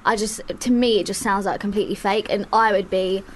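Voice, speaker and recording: A woman's voice: mid-range voice, steady tone, a little fast, slight background noise. A young woman co-hosting a radio show, chatting casually and laughing a lot. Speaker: radio co-host.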